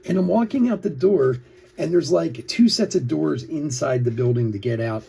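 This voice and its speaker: A man's voice: a little high, animated, moderate pace, gravelly, mellow, slightly rough. A middle-aged man hosting a card-break livestream, telling stories with many laughs while calling out names between his asides. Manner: chatty storytelling, laughs often, reads names between asides. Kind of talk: casual livestream chat while opening cards.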